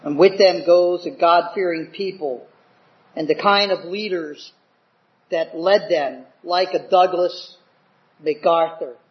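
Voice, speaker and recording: A man's voice: sits high, fairly even intonation, slow pace. An older man preaching a sermon with fervent, emphatic delivery that builds to dramatic swells. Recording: dull lo-fi recording.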